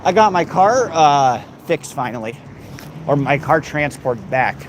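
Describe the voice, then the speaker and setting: A man's voice: a little high, sing-song, measured pace. Crude, joking man streaming outdoors. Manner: crude joking, mock-threatening banter. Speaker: livestream host. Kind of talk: casual livestream chat, reading comments. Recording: noisy outdoor background.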